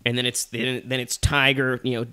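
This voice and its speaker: Bright-voiced rambling male podcast host. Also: medium pitch, flat delivery, moderate pace, clean tone. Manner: rambling, profane, many fillers. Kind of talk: comedic storytelling.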